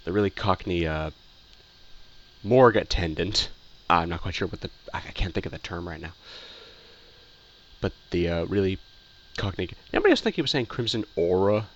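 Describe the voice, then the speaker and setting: A man with a low, deep voice talks through his opinions in a loose, rambling way. He circles back to the same phrases and fills the gaps with ums and uhs as he reviews. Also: very animated, moderate pace, pauses often, muffled recording. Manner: rambling, repeats himself, many fillers and restarts. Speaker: video reviewer.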